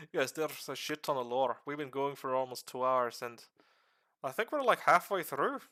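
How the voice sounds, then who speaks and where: A man telling lore to a friend on a live stream, animated and chatty, with casual swearing. His voice sits at an ordinary middle pitch. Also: normal speed.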